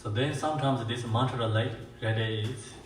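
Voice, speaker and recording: A man with as his language gives a dharma teaching as a Buddhist teacher. He talks haltingly, with many fillers and restarts, and slows down to chant mantras. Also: mid-range voice, steady tone. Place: meditation centre hall. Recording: echoey room, mic far off, faint hiss.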